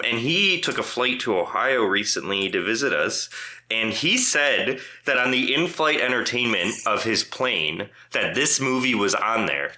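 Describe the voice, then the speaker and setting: A man co-hosting a podcast, talking in a loose, animated way with swings in pitch and a very bright, sharp tone. He breaks into profane rants. The recording has a roomy echo. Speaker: podcast co-host. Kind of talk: casual chat.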